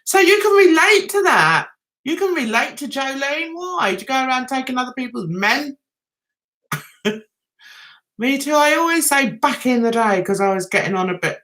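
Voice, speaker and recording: Her voice is high-pitched, expressive, and sharp, delivered at a moderate pace. As host of a laid-back livestream, this London-accented woman rambles with viewers, laughs, and sings bits of songs.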